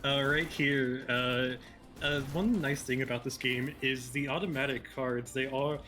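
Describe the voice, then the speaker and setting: A man's voice: medium pitch, fairly even intonation, a little slow, pushed and bright. A man giving casual commentary on a speedrun, explaining mechanics with dry jokes and frequent stumbles over his words.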